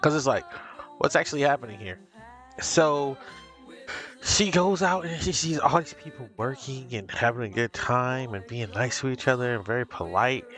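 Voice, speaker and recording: A man talks through a show episode in an animated, loose way, packed with fillers. His voice sits in an ordinary middle range. Soft music plays faintly behind him. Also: medium pitch, normal speed. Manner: excited recapping, many "like" fillers, acts out quotes. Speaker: show reviewer. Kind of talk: casual reaction review.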